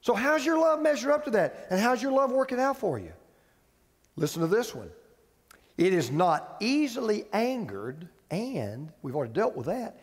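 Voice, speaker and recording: A man's voice: high-pitched, sing-song, normal speed, big-room sound. A male pastor preaching a sermon, conversational and emphatic, asking the congregation repeated questions. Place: church sanctuary with audience.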